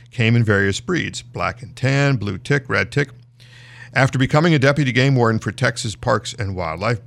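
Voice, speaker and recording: A man's voice: on the low side, gravelly, fairly bright tone. A man hosting a news show, reading stories aloud in a casual, conversational way with frequent fillers and restarts.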